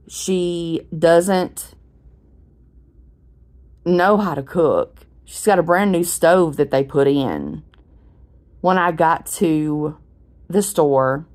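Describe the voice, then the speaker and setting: Slow low-voiced woman, unwell. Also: a little mellow. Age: 40s. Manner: rambling, chatty, with frequent restarts. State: unwell, clearing throat. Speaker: vlogger. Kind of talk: casual storytelling.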